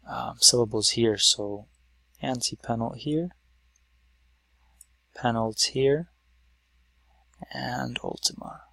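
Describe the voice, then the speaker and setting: A man's voice: medium pitch, steady tone, unhurried, creaky, pauses often, bright, forceful tone, dry recording. A man teaching a lesson at a whiteboard, explaining patiently step by step with some fillers.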